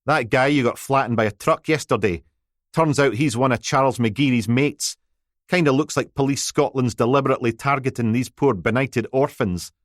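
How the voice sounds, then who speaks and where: A smug, needling newspaper reporter, as a male narrator puts him on, sarcastic and pleased with himself, pitched a little higher. The sound is dry and close. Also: normal speed, no echo, natural voice. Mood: smug, teasing.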